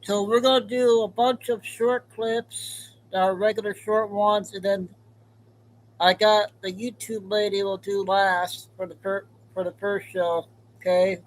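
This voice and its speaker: A man hosts a show and runs through what's coming in a loose, chatty way. His voice sits notably high for a man. He sounds relaxed and informal. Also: unhurried, poor audio. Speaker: show host. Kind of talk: casual show rundown.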